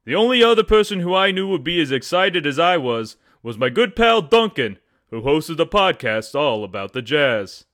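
A man's voice: on the high side, big pitch swings, moderate pace, hardly any pauses, a bit bright. A man with a put-on New Jersey accent, reading a comic story aloud in a dramatic storytelling manner.

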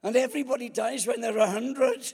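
A man's voice: very high voice, a little fast, gravelly, breathy edge. A man in his seventies, a guest preacher telling comic stories with self-mocking jokes. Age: 70s. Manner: jokey, self-mocking, lively anecdotes. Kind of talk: sermon with comic storytelling. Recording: long hall reverb.

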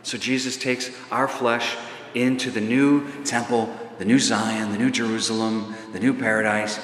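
A priest preaching a sermon to his congregation. His delivery is lively, rising into emphatic runs, with filler uhs between thoughts. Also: fairly low pitch, moderate pace. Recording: echoey church hall, faint ambience.

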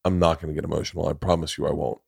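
A man in his forties with a very low, gravelly voice hosts a casual podcast. He tells stories bluntly, swearing freely and openly emotional. The recording is close and dry. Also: level tone, very fast, a little mellow, no echo. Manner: blunt, profane, emotional storyteller. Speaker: podcast host. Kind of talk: casual storytelling conversation.

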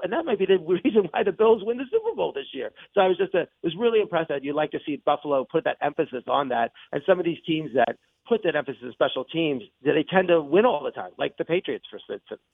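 A man hosting sports radio talk, excitable and rambling as he makes his points. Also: sits high, creaky, breathy edge, dry recording. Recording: tinny phone-like broadcast audio.

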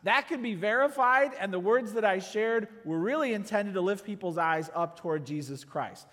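A pastor giving a conversational sermon, full of rhetorical questions and acted-out quotes. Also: male voice, high voice, normal speed, a bit bright, big-room sound.

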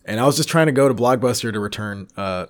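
A man telling a story in casual podcast chat, animated, laughing often and swearing freely. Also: mid-range voice, quick pace. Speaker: podcast co-host.

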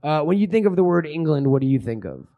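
A man's voice: on the high side, sing-song, fast talker, narrow, tinny audio. Profane rambling man on a podcast. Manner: rambling, profane, riffing on absurd ideas. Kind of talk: crude casual banter.

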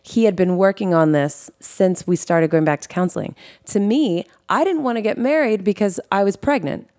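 A woman's voice: mid-range voice, a little mellow, dry recording, clean studio sound. A woman as guest host on a podcast, telling her life story earnestly and emotionally, often correcting herself mid-sentence. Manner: earnest and emotional, with quick self-corrections and restarts. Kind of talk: candid personal storytelling on a podcast.

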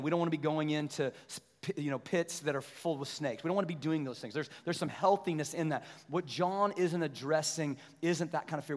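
Casting note: middle-aged male pastor with a high voice, animated storyteller who preaches with slow emphasis, long hall reverb. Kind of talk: sermon. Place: church sanctuary.

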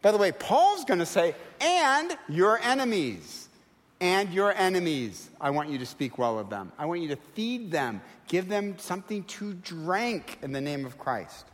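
A middle-aged man preaching a sermon, telling stories and acting out quoted voices in a lively, animated way. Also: fairly high pitch, moderate pace, hardly any pauses, in a large hall. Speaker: guest preacher. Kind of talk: sermon with storytelling. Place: church sanctuary.

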